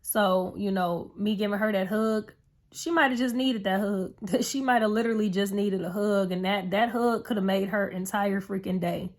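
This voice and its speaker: A young woman vlogs to camera in a mid-range voice at a moderate pace. She tells a personal story in a rambling, earnest, emotional way that's full of fillers and heartfelt.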